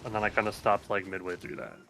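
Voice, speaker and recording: A man's voice: on the low side, flat delivery, fast, bright, forceful tone. A man chatting casually while gaming, rambling with lots of filler words. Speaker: gaming friend. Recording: noisy mic.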